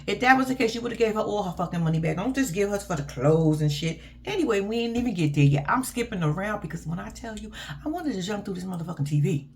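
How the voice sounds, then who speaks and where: A woman's voice: mid-range voice, lively intonation, quick pace, few pauses, slight background noise. A woman, casually ranting through a blunt, profane reaction recap as a show host.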